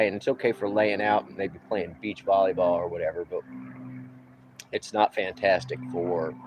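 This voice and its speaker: A man in his fifties with a low voice talks on an outdoor livestream from a roof during a work break. He rambles in an easygoing way and drops chuckling asides as he answers his viewers. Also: darkish tone, slight background noise. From New Orleans. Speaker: livestreamer and roofer. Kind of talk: casual livestream chat.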